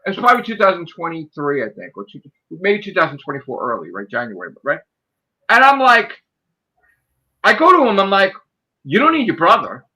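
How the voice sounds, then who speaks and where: A man in his forties tells stories in a casual chat, heated and profane. His voice sits high for a man and rings bright and forceful. He talks in an animated way. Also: fairly quick, rough recording. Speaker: podcast co-host.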